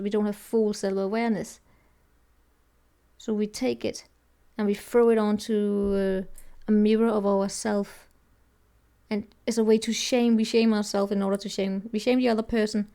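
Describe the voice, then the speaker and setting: Rambling, mellow-voiced woman tarot reader. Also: medium pitch. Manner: rambling, thinking aloud with many restarts. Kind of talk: casual tarot reading monologue.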